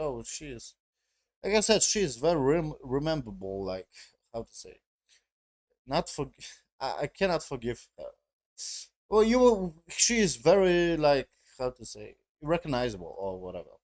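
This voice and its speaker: A man's voice: on the high side, sing-song, normal speed, darkish tone. A man giving a casual spoken review, rambling with heavy swearing and broken grammar. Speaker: show reviewer.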